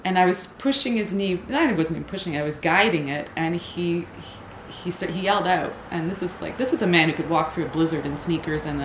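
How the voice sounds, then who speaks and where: A woman telling a personal story in a hesitant, halting way, often restarting her sentences. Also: lowish voice. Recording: echoey room with noise.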